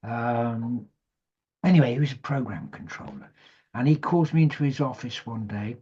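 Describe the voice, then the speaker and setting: A man's voice: mid-range voice, lively intonation, normal speed, dark tone, slightly rough. A middle-aged man, a former radio DJ, telling rambling, sweary anecdotes in a casual interview. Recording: muffled lo-fi sound.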